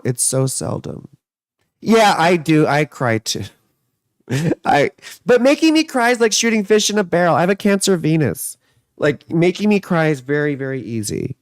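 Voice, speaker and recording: On a livestream, a tarot reader and astrologer casually fields viewer comments, rambling playfully and blending jokes with idle musing. His voice sits in the mid range, and there's no echo.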